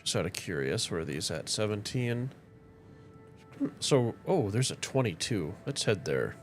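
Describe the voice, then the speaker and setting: His voice is on the low side and a little slow, with faint music behind. He's a northern Minnesota man with a Minnesotan accent, relaxed and chatty as he talks to viewers while live-streaming a game from his tiny home.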